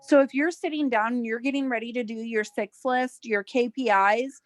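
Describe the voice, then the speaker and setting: A woman's voice: a little high, fairly even intonation, moderate pace, no room sound, faint music behind. A woman on a group video call sharing practical work routines in a matter-of-fact way. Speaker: team member giving work tips. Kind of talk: casual advice on a video call.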